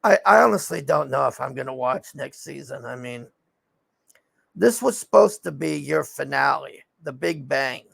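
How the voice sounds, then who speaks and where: A man's voice: mid-range voice, animated, moderate pace, gravelly, a bit bright, breathy edge, no echo. A man recapping a TV show in a casual, rambling rant, frustrated and swearing often. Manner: frustrated, profane ranting; rambling with frequent fillers. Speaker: TV show reviewer.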